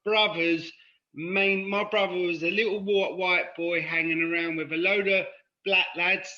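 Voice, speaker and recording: Bright-voiced man with a London accent. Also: high-pitched, steady tone, moderate pace. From Ireland, raised in London. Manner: rambling, often asks "do you know what I mean". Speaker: podcast guest. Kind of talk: casual conversational storytelling. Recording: dull lo-fi sound.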